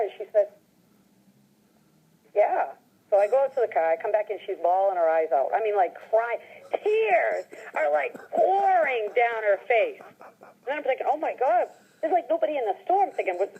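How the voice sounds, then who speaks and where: A woman's voice: fairly high pitch, sing-song, moderate pace, breathy edge, phone-quality sound. A middle-aged woman telling casual anecdotes in a chatty way, often laughing and quoting people. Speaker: storyteller.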